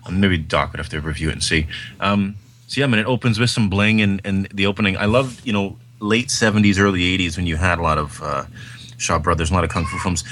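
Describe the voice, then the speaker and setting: A man's voice: deep voice, fast, a bit bright, slight background noise. A man co-hosting a podcast, chatting casually about films in a rambling, enthusiastic way with lots of fillers. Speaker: podcast co-host. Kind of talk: casual film chat.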